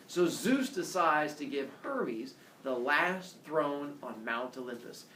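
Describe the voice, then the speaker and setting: A man's voice: fairly high pitch, very animated, slow, few pauses, sharp tone, distant mic, a little hiss or hum. A male teacher animatedly telling myths to his class and acting out the characters, recorded from afar in a classroom. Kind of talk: classroom myth storytelling. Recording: roomy classroom heard from afar.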